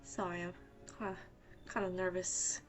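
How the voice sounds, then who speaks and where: A woman's voice: lowish voice, flat delivery, moderate pace, faint music behind, lightly acted. A woman voicing a nervous, giggly young woman asking for shelter in a horror game. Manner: jittery, hesitant, giggling teehee.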